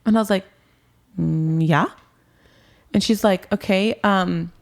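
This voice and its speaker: A woman in her twenties takes it slowly, her mid-range voice marked by vocal fry, as she tells an interviewer about her life. She keeps it casual with frequent "like" and "um", acting out old conversations.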